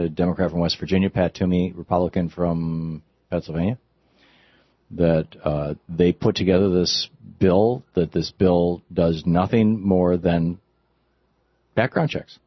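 A man hosting a radio talk show, giving animated, conversational commentary with frequent restarts from a broadcast studio. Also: deep voice, no echo. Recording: dull, dry studio broadcast.

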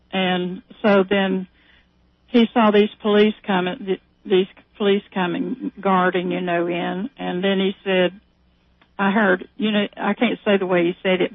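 A woman's voice: medium pitch, dry recording. A woman on a call, chatting casually and retelling a story with many fillers and restarts. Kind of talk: casual chat. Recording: tinny phone line.

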